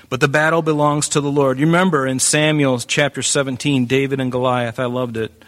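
A man preaching a sermon in an animated way, breaking into joking asides and acting out the voices of the people in his story. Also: mid-range voice, fairly quick. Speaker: pastor.

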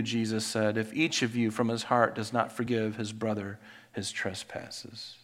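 A male pastor preaching a sermon, building to loud, emphatic scripture reading and dropping to quiet appeals. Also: on the low side, level tone, measured pace, in a large hall.

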